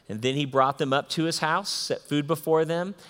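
A man preaching a sermon, reading scripture aloud and swinging between excited outbursts and soft, hushed asides. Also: fairly high pitch, normal speed. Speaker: pastor. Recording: long hall reverb.

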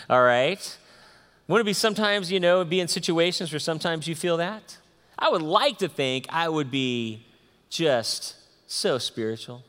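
A man preaches to a congregation, his voice sitting a little high and ringing through a long hall reverb. He reads scripture aloud and breaks off to talk with the crowd. His delivery swings from excited peaks to soft, hushed asides. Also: normal speed. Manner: animated, swings between loud excitement and soft hushed tones. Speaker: pastor. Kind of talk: sermon with scripture reading.

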